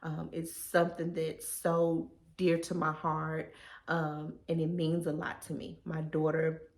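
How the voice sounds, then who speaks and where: Woman in her thirties, heartfelt casual vlog talk, lowish voice, echoey room. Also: completely flat delivery, a little slow. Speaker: vlogger. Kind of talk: reflective personal vlog.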